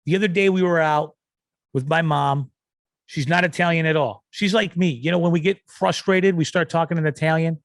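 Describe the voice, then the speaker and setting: A man's voice: a little high, moderate pace, dry recording. A man hosting a podcast, rambling through a comic rant. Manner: ranting, rambling, acts out yelling. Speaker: podcast host. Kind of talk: comedic rant.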